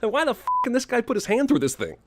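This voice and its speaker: Brief: sarcastic male comedy narrator, animated and fast, over audible noise. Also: extremely high pitch. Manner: snarky, mocking, quick rhetorical questions. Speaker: narrator of a movie critique comedy.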